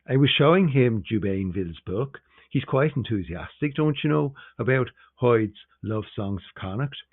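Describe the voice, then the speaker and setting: A man's voice: mid-range voice, lively intonation, moderate pace, husky. A man voicing an affable, effete young librarian who talks in a gushing, mannered way. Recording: tinny, phone-like sound.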